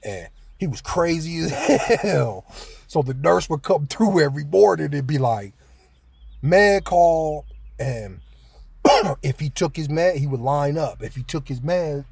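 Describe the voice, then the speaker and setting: A man's voice: on the high side, lively intonation, a little slow, creaky, darkish tone, slightly rough, no room sound. A man telling a story in a casual, slangy monologue, full of filler phrases and laughter. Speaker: vlogger.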